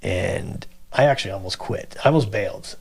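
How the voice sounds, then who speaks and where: A man casually telling a long personal story, animated and acting out the people he quotes. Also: on the low side, moderate pace, gravelly, husky. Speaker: guest telling his story.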